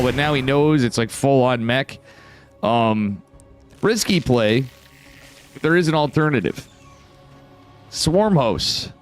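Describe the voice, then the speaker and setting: An esports caster with an upstate New York accent gives casual live commentary on a strategy game in a mid-range voice. He swears now and then and breaks into excited outbursts.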